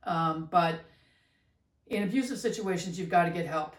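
A woman's voice: fairly low pitch, normal speed. A middle-aged woman co-hosting a podcast, explaining in a reflective, teacherly way with hesitant fillers. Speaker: podcast co-host. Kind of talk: casual conversation. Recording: roomy sound from a distance.

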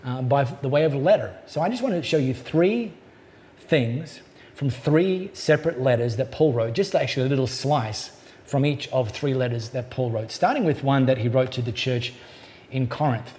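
A man preaching a sermon as a pastor, in a conversational way, slowing down to stress key points. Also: medium pitch, expressive, darkish tone, slight background noise.

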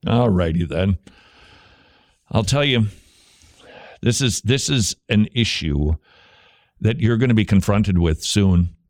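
A man hosts a talk show with opinionated, emphatic commentary. His delivery is animated and sarcastic. The sound is dry, with no room around it. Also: fairly low pitch, takes it slowly, long pauses, no room sound.

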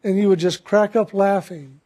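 High-voiced man giving a gentle spiritual talk. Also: fairly even intonation, normal speed. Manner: gentle, reflective, laughs while telling a story. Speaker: spiritual teacher.

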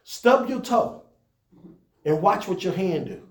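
A man's voice: high-pitched, expressive, slow, roomy sound. A man preaching to church leaders in a conversational style, climbing to emphatic peaks. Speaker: pastor.

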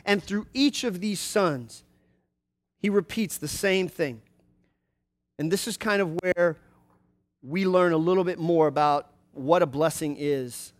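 Preaching man, fairly high voice. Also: unhurried, pauses often. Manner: explanatory, conversational asides. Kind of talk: sermon.

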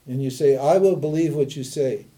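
This mellow, mid-range male voice belongs to an older spiritual teacher from Montana, USA. Speaking at a moderate pace, he delivers an emphatic lesson and answers his own rhetorical questions.

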